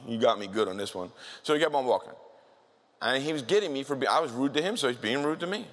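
A man's voice: mid-range voice, animated, fast talker. A man speaks at a talk in a mid-range voice and tells his story candidly in a conversational way, often stopping to restart a sentence. His voice echoes with long reverb through a large hall. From South Philadelphia, USA.

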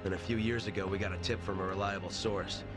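A man's voice: on the low side, little pitch movement, fast, over music, natural voice. An actor voicing a male soldier giving a mission briefing in a video game cutscene.

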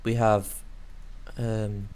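A man co-hosting a casual Let's Play, playful and giggly, who jumps into high squeals when excited. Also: very slow, clean tone. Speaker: gaming channel co-host.

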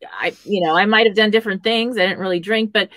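A woman hosts a radio talk show in an easy, conversational way, quick to affirm her guest and add her own stories. Her voice sits at a middle pitch for a woman. The recording is dry and close. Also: a bit bright, no echo. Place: radio studio.

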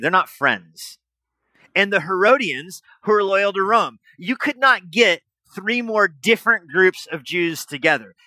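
A man's voice: mid-range voice, pushed and bright, no echo. A man as pastor, preaching a conversational sermon with emphatic explanations and casual asides.

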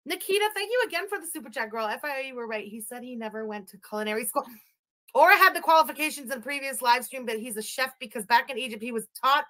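Woman, high voice, sharp tone, profane mocking rant. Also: lively intonation, fast. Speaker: commentary streamer. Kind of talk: reaction commentary rant.

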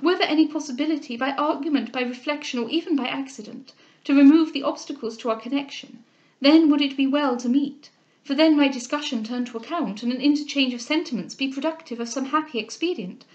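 A woman reading the part of an older gentlewoman and mother, earnest and insistent, in a formal manner. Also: high-pitched, brisk, dull audio, pitched above the performer's own voice, natural voice.

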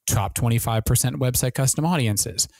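A man hosting a marketing podcast, talking very fast with many restarts and fillers. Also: mid-range voice, no room sound. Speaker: podcast host and ad consultant.

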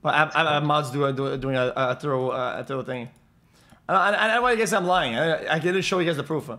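A streamer man with a somewhat high voice chats with strangers online. He keeps stuttering and restarting his sentences, and he swears freely. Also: fast talker, sharp tone. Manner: stammering, repeats words, swears. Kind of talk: casual chat with strangers.

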